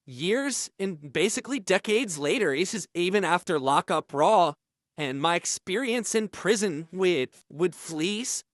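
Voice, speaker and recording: A man telling an absurd prison story in an earnest, deadpan way. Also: high-pitched, unhurried, no room sound, clean studio sound. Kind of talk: comedic storytelling.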